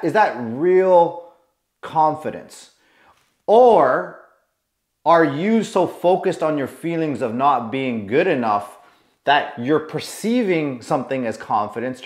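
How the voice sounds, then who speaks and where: Male coach, somewhat high voice, emphatic and repetitive, rhetorical questions, echoey room. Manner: emphatic, repeats himself, asks rhetorical questions. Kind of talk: motivational lesson to camera.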